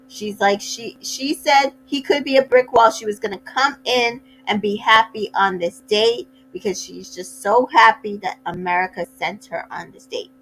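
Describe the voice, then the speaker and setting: A sassy woman chats through a recap with opinionated asides. Her voice sits a touch high, and she takes her time. She slips into quick put-on voices when quoting people. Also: a bit bright, a little hiss or hum, poor audio. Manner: acts out cast members' lines in quick voices. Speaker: recap host. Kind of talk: casual reality TV recap.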